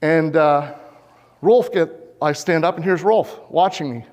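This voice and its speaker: An earnest man from Canada gives a farmer's talk to a hall, putting questions directly to the crowd. His voice runs fairly high for a man. A long hall reverb trails behind each phrase from his lapel mic. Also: unhurried, a little mellow, highs cut off. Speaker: farmer giving a conference talk. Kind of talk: public presentation. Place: conference hall.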